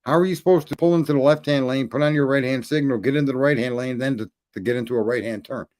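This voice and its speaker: A man hosting a podcast, telling long stories in casual chat. He swears freely and rambles, and his voice climbs high when he gets indignant. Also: fairly even intonation, fast talker, darkish tone. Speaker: podcast host.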